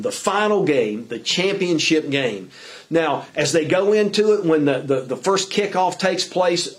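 A male preacher delivering a sermon with earnest urgency. His voice sits a little high for a man, and he stumbles, restarts and fills pauses as he presses his point. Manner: earnest, halting, with many fillers and restarts. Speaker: pastor.

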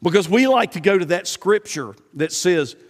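A middle-aged pastor preaching with a slightly high, ringing voice. He speaks emphatically, leaps upward when he quotes and slows down to read scripture. His voice carries a long reverb through a church sanctuary. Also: animated. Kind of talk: sermon.

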